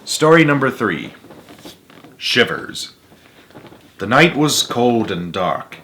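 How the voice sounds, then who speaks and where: A man's voice: mid-range voice, a little slow, noisy background. A man reading a children's picture book aloud, adding playful asides. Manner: animated, with asides to listeners. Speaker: storybook reader.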